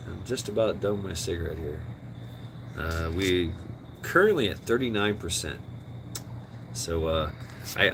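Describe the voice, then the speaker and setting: A man's voice: low voice, background noise. A man hosting a casual live stream outdoors, rambling and crude with many fillers, his voice getting strained. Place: outdoors, smoking a cigarette.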